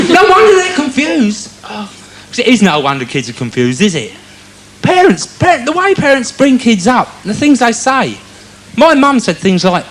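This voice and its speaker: A man's voice: extremely high pitch, wildly swooping pitch, normal speed, a bit bright. A man doing a rambling stand-up routine, chatty and storytelling. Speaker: stand-up comedian.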